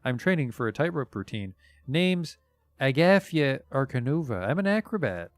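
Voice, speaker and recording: A man voicing a shy young female acrobat who speaks softly, reading from a game stream. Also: mid-range voice, very animated, moderate pace, no room sound, faint music behind, close to an everyday voice. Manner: soft and shy.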